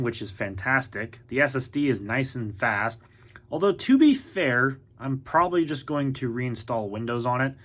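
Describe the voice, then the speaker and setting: Medium in pitch and a touch bright, a male vlogger's voice guides viewers through his laptop configuration in a relaxed way. He reasons aloud and catches and corrects his mistakes.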